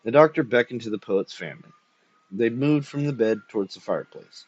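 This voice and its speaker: A man reads a dark short story aloud in a low, hushed manner. His voice is husky and sits at an ordinary pitch. The recording is dull and lo-fi. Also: lively intonation, fairly quick. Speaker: reader. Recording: dull lo-fi sound.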